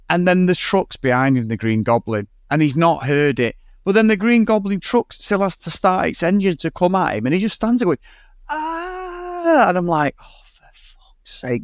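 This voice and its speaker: A man's voice: a little high, no echo, clean studio sound. A British man co-hosting a podcast, ranting animatedly and swearing about a film in casual chat. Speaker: podcast co-host.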